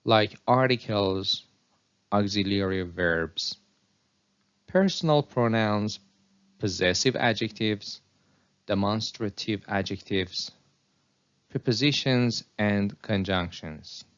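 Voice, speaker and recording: A man narrating a scripted English pronunciation lesson, reading example sentences slowly and deliberately. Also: fairly low pitch, fairly bright tone, clear, resonant tone, highs cut off.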